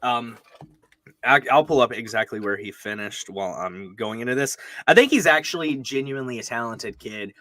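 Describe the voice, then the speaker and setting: A man chatting casually as a podcast co-host, relaxed and full of "um"s. His voice is bright and sits close and dry on the mic. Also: medium pitch, moderate pace, no echo. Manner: laid-back, many fillers. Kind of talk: casual chat.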